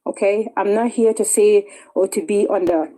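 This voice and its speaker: A woman's voice: medium pitch, fairly even intonation, moderate pace, warm tone, low-quality recording. A woman hosting a live online call-in discussion. She keeps callers in line firmly and assertively, and she repeats herself when her words catch. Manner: firm, assertive, stutters when angry. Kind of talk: moderating a heated call-in.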